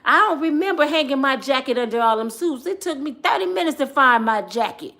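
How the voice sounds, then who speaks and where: A woman's voice: high-pitched, animated, brisk, pushed and bright, pitched above the performer's own voice, exaggerated voice. A woman voicing her stubborn old father in a storytelling vlog, defiant and insistent. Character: stubborn old father, set in his ways.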